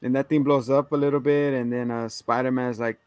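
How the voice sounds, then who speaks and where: A man's voice: medium pitch, level tone, brisk, a little mellow, clean tone, no room sound, soft background music. A man co-hosting a casual movie review chat, rambling through a plot recap with filler words and swearing. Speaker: podcast co-host.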